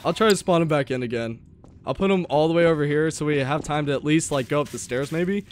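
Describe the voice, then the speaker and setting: Soft music plays behind a young male streamer whose voice sits on the high side and moves fast. He's doing let's play commentary on a horror game, letting out panicky yelps and exclamations to chat and laughing a lot.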